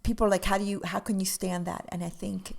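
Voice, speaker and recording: A woman who works as a death doula, speaking slowly and reflectively in a casual podcast conversation, sometimes sinking into soft whispers. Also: medium pitch, flat delivery, gravelly.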